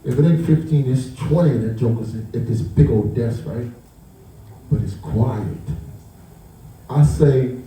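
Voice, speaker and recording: A man of medium pitch, speaking a little slowly with frequent pauses, is the uncle of a victim recounting an emotional story. He acts it out with animation, stumbling, starting over and repeating words. The audio is very echoey, his voice captured from far away.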